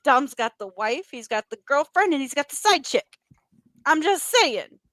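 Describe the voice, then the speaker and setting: A woman with a fairly high, animated voice co-hosting a wrestling podcast, chatty and teasing. Her voice is recorded dry and close. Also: no echo. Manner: chatty, quick to agree and tease. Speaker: podcast co-host. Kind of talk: casual wrestling podcast chat.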